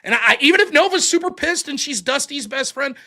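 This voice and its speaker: A man's voice: very high-pitched, animated, brisk, pushed and bright. A man talking casually as a guest, telling a story in a blunt and profane way. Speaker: guest streamer and debater. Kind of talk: casual podcast conversation.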